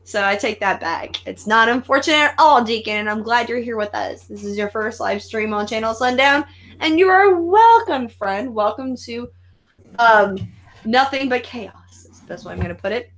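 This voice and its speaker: A woman hosting a casual live stream chat over a video call, excitable and profane, with loud bursts. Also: a little high, moderate pace.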